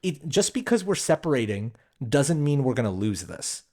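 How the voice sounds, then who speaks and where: Podcast co-host, male, lively up-and-down delivery, loose and casual, filler-heavy. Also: medium pitch, moderate pace. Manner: animated, full of "like" and "you know". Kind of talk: casual film discussion.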